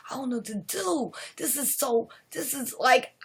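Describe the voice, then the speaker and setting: A woman's voice: high-pitched, animated, normal speed, a bit bright, slightly rough, full character voice. A woman voicing a frantic restaurant owner. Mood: panicky. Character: frantic male restaurant owner turned killer.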